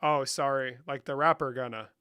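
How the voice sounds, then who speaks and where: A man's voice: fairly high pitch, moderate pace, sharp tone, clean tone, no echo, studio quality. A young man hosting a livestream, reading chat questions and answering with profane, joking banter. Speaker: livestream host.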